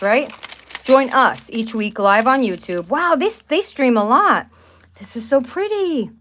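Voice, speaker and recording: A woman's voice: a little high, fairly bright tone. A middle-aged woman hosting a casual live craft stream, chatty and rambling, often exclaiming over things. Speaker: craft channel host.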